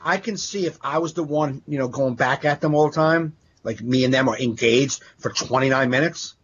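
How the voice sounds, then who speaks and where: A man's voice: medium pitch, fairly quick, a little hiss or hum. A man, a stand-up comedian, telling club stories in casual, profane podcast chat. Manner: profane, animated storytelling with acted quotes. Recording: dull lo-fi podcast audio.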